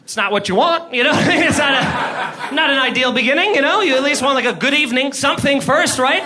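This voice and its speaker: A man doing an animated, self-deprecating stand-up comedy set on a comedy club stage, using a handheld mic. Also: extremely high pitch, fairly quick. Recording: live club with ambient crowd noise.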